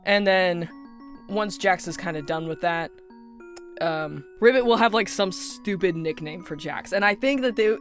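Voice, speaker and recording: A woman casually rambling about her ideas for a fan story, full of fillers like "like" and "um". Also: fairly low pitch. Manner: rambling with many fillers and laughs.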